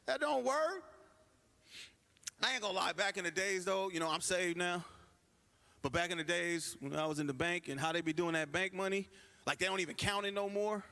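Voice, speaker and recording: A man doing a stand-up comedy routine with animated storytelling, acting out the voices of other people. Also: sits high. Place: church stage before a live audience.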